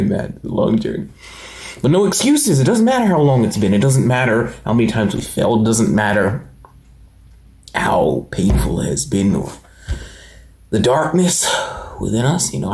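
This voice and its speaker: A man's voice: mid-range voice, darkish tone, reverberant. A man in his twenties talking earnestly in a personal vlog, rambling with many fillers and restarts. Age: 20s. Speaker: motivational channel host.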